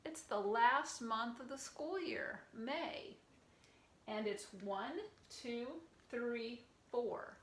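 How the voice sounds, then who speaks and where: Slow, bright-voiced woman teaching little kids. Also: a little high, lively intonation. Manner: slow, gentle and encouraging, praising children by name. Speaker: preschool teacher. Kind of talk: circle time lesson for young children. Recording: echoey room with faint ambient noise.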